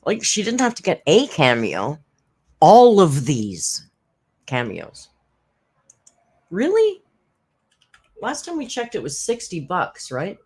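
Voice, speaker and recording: A woman's voice: low voice, huge pitch swings, unhurried, darkish tone, breathy edge. A woman hosting a reaction commentary, sarcastic and blunt, swearing freely. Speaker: commentary channel host.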